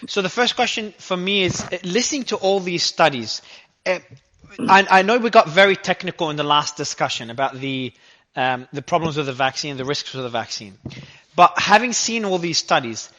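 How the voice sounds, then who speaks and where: Bright-voiced halting moderator. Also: male voice, a little high, lively intonation. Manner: halting, repeats himself. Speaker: debate moderator. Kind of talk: live discussion.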